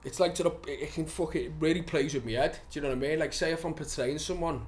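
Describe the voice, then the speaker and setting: A man's voice: on the high side, fast. A young man, an actor telling stories in a casual, swear-filled way and laughing as he goes. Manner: swears freely, laughs through his stories. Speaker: actor guest. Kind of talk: casual storytelling.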